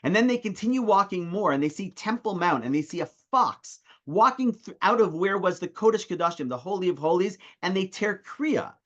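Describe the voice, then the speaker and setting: A male rabbi teaches from his desk, spinning an animated story and raising his voice to act out the rabbis. His voice sits a little high. The sound is dull and lo-fi, like an online call. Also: a little fast, hardly any pauses. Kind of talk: weekly online Torah class.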